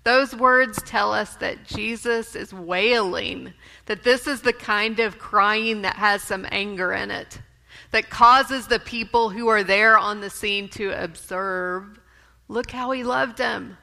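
A woman preaching a sermon in a church, speaking in a measured way and quoting scripture. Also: medium pitch, gravelly, bright, forceful tone. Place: church sanctuary. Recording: long reverb of a church sanctuary.

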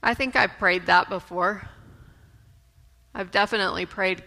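Slow, gravelly woman preaching in a church. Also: mid-range voice, bright, forceful tone. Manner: slow, measured preaching with quoted scripture. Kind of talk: sermon. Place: church sanctuary. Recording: long reverb of a church sanctuary.

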